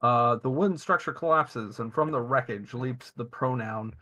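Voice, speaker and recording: A man's voice: medium pitch, moderate pace, sharp tone. A man streaming, reading a text adventure game aloud with playful asides.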